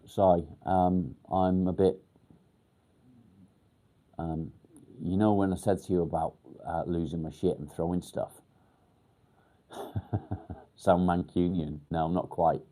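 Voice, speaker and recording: A man a low, mellow voice chats casually on a livestream. He talks in halting bursts, stops often to think and fills the gaps ums. He swears now and then in a relaxed way. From England, near Warrington. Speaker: livestream host. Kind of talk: casual live chat reading comments.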